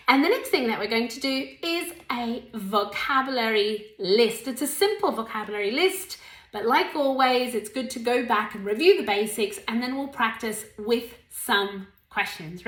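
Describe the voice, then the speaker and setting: A woman with an Australian accent teaching English, slowly and carefully modeling each word's pronunciation for learners. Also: on the high side, fairly bright tone. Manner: slow, deliberate pronunciation modeling. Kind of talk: language lesson drills. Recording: roomy echo.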